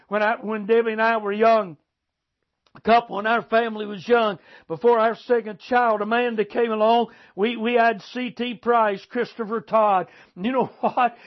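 Fervent high-voiced preacher, lo-fi. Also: male voice. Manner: fervent, emphatic, calls out to the congregation. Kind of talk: sermon. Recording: dull lo-fi recording.

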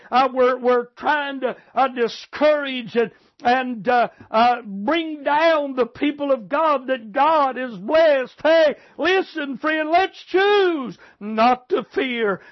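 A man's voice: very high voice, no echo, dull audio. A male preacher delivering a fervent sermon, often repeating phrases and using filler sounds.

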